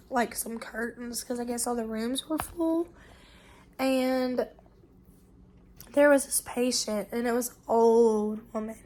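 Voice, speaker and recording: A young woman, sick with bronchitis, telling viewers a long story in an animated, exasperated way. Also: fairly high pitch. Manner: animated retelling, exasperated asides. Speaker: family vlogger.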